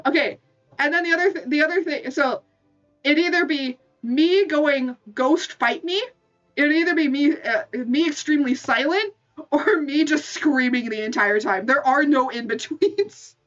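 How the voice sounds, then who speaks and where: Pitched high and fairly bright, this woman talks at an ordinary speed during a relaxed livestream chat. She laughs often and says "like" constantly, and the mic sounds distant and muffled, with faint music playing.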